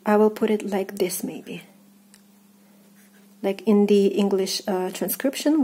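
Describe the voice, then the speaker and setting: Russian woman language teacher, Russian accent, unhurried, mellow tone, patient drilling. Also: medium pitch, fairly even intonation, breathy edge. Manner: patient, repeats words slowly, hesitant fillers. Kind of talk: pronunciation lesson.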